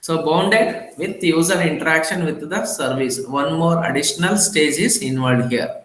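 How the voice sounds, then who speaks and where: A man from India giving a recorded revision lecture, talking haltingly with many fillers and restarts. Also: fairly high pitch, reverberant, low-quality recording.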